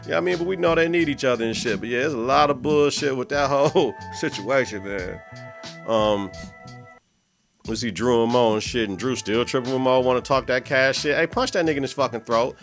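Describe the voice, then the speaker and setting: A man hosts a casual podcast, reacting to a TV drama episode with heavy profanity and frequent laughter. He jumps into the characters' voices as he retells scenes, his pitch sitting in a middle range for a man. Faint music plays in the background. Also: brisk, gravelly. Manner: profane, animated, laughs often, acts out characters' lines. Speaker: podcast host.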